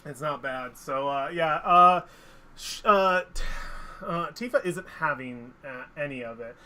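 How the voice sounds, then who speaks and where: A man's voice: fairly high pitch, unhurried, pushed and bright. Rambling game master man. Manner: rambling with many fillers. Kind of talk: narrating a tabletop game.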